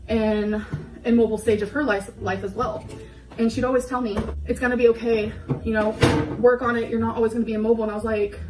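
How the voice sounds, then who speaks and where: A young woman rambles through a candid confessional vlog, full of fillers and short laughs. Her voice sits slightly high and comes from a few steps off the mic. The room echoes, and soft music plays underneath. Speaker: vlogger. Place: home kitchen. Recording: echoey room, voice a bit far from mic, faint background music.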